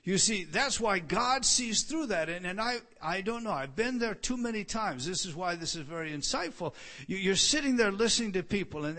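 A man preaching a sermon in an emphatic, repetitive way, lifting his voice on the words he wants to stress. He often stumbles and restarts his phrases. His speaking voice sits fairly high for a man. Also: fairly bright tone. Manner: stammering restarts. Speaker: pastor. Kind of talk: expository sermon.

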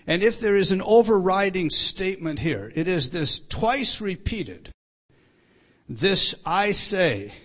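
A man preaching an earnest sermon, often repeating words and slowing down for emphasis. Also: sits high, a bit bright. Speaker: pastor.

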